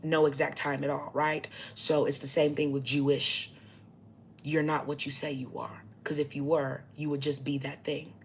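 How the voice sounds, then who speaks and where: A woman with a low, heavy voice holds forth to camera as a self-styled spiritual teacher. She preaches in a blunt, profane, combative way. Faint noise sits under her voice. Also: level tone, moderate pace, gravelly. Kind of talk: ranting monologue to camera.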